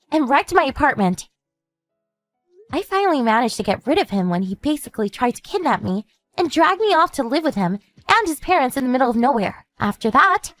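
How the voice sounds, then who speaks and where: Lively, high-pitched composed sister, a woman voicing her for an animated story. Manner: measured, explanatory storytelling. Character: calm woman warning her sister about a stalker ex.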